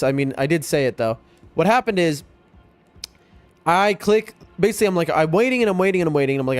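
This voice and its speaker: A young man streaming a game, chatting excitably to his viewers as he plays. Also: on the high side, no room sound. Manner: chatty, excitable, often addresses chat. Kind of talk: live gameplay commentary to chat. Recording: faint music behind voice.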